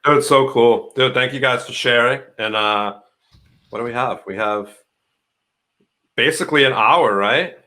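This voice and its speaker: A man's voice: medium pitch, measured pace, pauses often, pushed and bright. A man co-hosting a casual livestream chat in a laid-back, easygoing way. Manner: laid-back, says dude. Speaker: livestream co-host.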